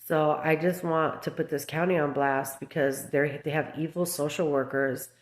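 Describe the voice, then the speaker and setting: Agitated low-voiced woman, roomy echo. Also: fairly even intonation, moderate pace. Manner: agitated, rambling storytelling full of fillers. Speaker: mother speaking out about her children. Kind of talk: casual vlog rant.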